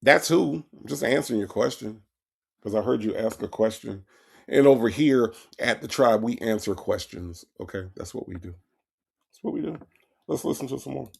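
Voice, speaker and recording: A man's voice: mid-range voice, animated, normal speed, vocal fry, a little mellow, husky. A man hosting a true-crime comedy podcast, delivering sarcastic, profane commentary and repeating his points for effect. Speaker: podcast host.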